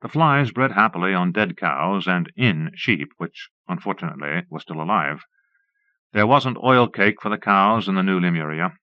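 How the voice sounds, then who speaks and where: A man narrating an audiobook in a measured first-person storytelling manner, on a dull old cassette recording. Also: sits low, expressive, dry recording.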